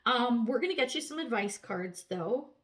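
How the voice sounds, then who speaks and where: A woman giving a casual tarot reading to camera, chatty and animated, swearing freely and laughing often. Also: a little high, moderate pace. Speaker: tarot reader.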